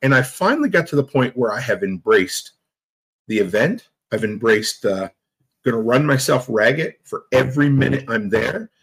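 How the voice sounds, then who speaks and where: A man hosting a live stream in casual chat, telling stories with jokes and lively asides. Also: mid-range voice, moderate pace, creaky, breathy edge, rough recording. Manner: animated storytelling, joking.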